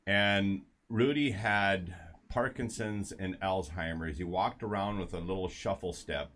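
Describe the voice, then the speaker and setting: Host guy with a lowish voice, rambling anecdote, talks in circles. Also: measured pace, a bit bright, a little hiss or hum. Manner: rambling, lots of restarts and asides. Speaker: show host. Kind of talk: casual health talk, storytelling.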